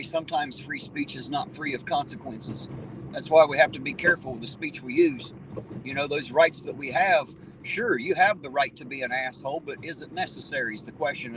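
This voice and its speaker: A man with an Appalachian accent chatting casually on a live stream from his vehicle at night, greeting viewers by name in a folksy, talkative way. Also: mid-range voice. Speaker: livestream host. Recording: distant mic with loud road noise.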